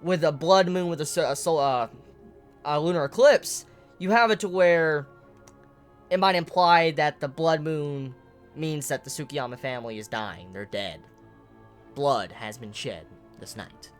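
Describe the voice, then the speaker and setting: Excitable, swearing manga reviewer. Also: medium pitch, moderate pace, soft background music. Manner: excitable and emotional, swears often. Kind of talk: casual spoken chapter analysis.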